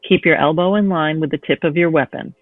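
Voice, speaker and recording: A woman reading a novel aloud, voicing a courtly male fencing instructor who gently urges a beginner on. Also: fairly high pitch, a little fast, no echo, close to an everyday voice. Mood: coaxing. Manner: smooth, encouraging, gently insistent. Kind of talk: read-aloud novel excerpt. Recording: tinny phone-line sound, dry.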